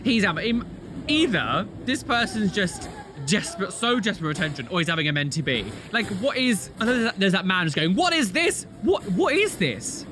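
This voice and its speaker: A young man hosting a reaction video, reacting to clips in casual commentary with animated, disgusted exclamations. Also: high voice, a little fast, over music.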